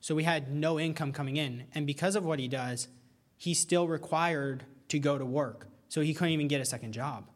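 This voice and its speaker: A young man preaching with earnest, animated energy, his voice sitting a little high for a man. He stumbles and repeats words when something excites him, then slows right down to press a point home. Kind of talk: sermon.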